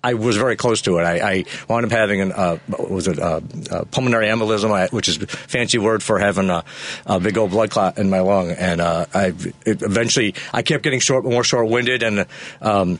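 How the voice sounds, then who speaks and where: A man's voice: on the low side, a little fast. A man, a radio show producer, telling a rambling on-air story with chuckles. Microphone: studio microphone.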